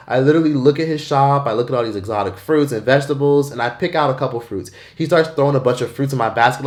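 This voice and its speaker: A man's voice: medium pitch, fast talker, few pauses. A man talking bluntly and emphatically in a casual commentary vlog, swearing freely. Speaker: vlogger.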